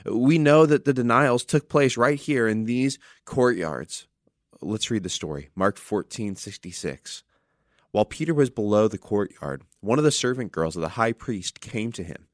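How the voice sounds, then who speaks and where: A man's voice: lowish voice, animated, moderate pace, dry recording, studio quality. A male pastor giving an earnest sermon, telling a story and reading scripture with dramatic emphasis.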